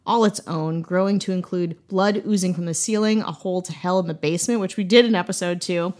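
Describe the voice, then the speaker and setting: A woman's voice: lowish voice, brisk, darkish tone. A woman from Wisconsin hosting a podcast, telling a ghost story in a casual, playful way with joking asides. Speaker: podcast host.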